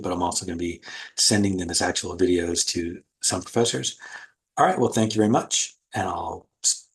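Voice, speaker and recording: A man's voice: on the low side, husky. A man giving a casual recorded art lecture over screen share, thinking aloud with many fillers. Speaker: art instructor.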